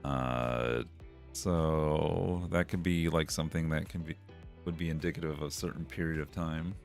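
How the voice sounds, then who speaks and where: A man's voice: extremely low pitch, steady tone, moderate pace, faint music behind. A man streaming and reacting to chat in a wry, rambling way, laughing often. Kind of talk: casual chat.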